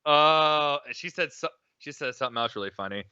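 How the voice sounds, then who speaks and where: A young man with a bright, crisp voice, telling loose, meandering stories on a casual podcast and swearing freely. The recording is dry and a little dull, with a lo-fi edge. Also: on the high side, normal speed, no echo. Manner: rambling storyteller, swears freely, many fillers. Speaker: podcast co-host.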